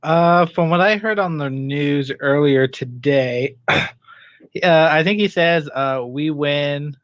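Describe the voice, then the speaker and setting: A man answering the host from off-mic, hesitant and halting with lots of fillers. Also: fairly high pitch, fairly bright tone, dry recording, dull audio.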